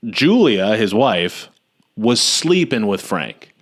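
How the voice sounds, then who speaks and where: A man's voice: lowish voice, slow. A man co-hosting a comedy podcast, recapping a horror film with jokes and self-mocking asides. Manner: animated, jokey, self-mocking, sudden outbursts. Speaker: podcast co-host. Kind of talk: casual comedy podcast chat.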